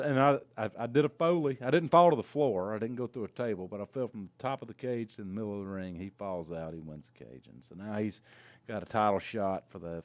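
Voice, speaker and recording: A young man co-hosting a casual podcast, telling road stories with animated energy and frequent laughs. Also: lowish voice, no echo. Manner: animated storyteller, laughs often. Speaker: podcast co-host and indie wrestler.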